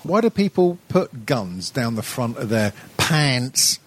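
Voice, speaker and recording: Male podcast co-host, tipsy, husky and animated, rambling and sweary. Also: medium pitch, slow. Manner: sweary, rambling, hesitant with many ums. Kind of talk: casual chat.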